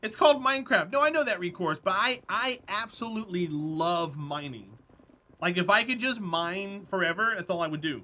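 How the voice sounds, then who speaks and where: A man's voice: sits high, animated, normal speed, bright, forceful tone. A male streamer chatting casually with his viewers while gaming, laughing often and talking to chat by name. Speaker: streamer, host.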